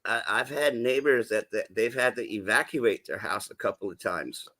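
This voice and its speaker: Man, southern-tinged new england accent, bright lowish voice, rambling casual chat. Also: normal speed. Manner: rambling, swears, laughs often. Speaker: panelist.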